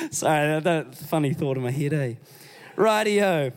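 A man's voice: fairly high pitch, lively intonation, moderate pace. A man preaching a sermon, reading scripture and urging his congregation on with emphatic exhortations. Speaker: pastor. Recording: long hall reverb.

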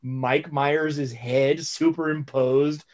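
A man's voice: fairly high pitch, drawn-out words. Male podcast co-host, thirties, loose rambling delivery with plenty of swearing. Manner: rambling, profane, animated storytelling. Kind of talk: casual chat.

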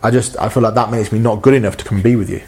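A man's voice: lowish voice, steady tone, very fast, a little mellow, husky. A man giving a sermon, talking earnestly and conversationally with frequent stammered repeats. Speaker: preacher.

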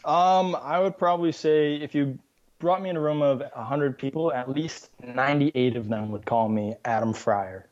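A man's voice: medium pitch, moderate pace. A man in his twenties from Massachusetts, a college athlete and guest who chats in a laid-back way, laughs often and uses fillers like "you know". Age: 20s. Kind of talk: casual interview chat. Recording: slightly dull, lo-fi sound.

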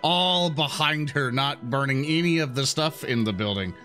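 A man's voice: medium pitch, moderate pace, bright, forceful tone, faint music behind. A man, a player at a tabletop game, eagerly describing his character's actions.

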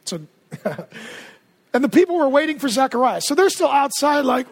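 A male pastor with a strikingly high voice preaches a sermon. He talks in an animated, conversational way and mixes jokes into his preaching. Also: normal speed.

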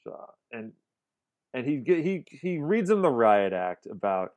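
A man's voice: medium pitch, sing-song, a little slow, darkish tone. Enthusiastic man talking about movies. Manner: enthusiastic, rambling with restarts. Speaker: podcast co-host. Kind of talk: casual film discussion.

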